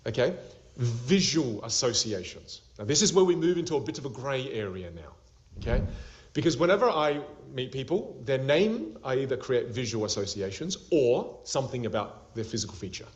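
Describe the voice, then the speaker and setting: A lively man coaching a class over a video call, his pitch swinging up and down as he acts out little scenes. The audio is dull and lo-fi, like a cheap call connection. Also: moderate pace. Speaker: public speaking coach. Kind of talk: interactive online class.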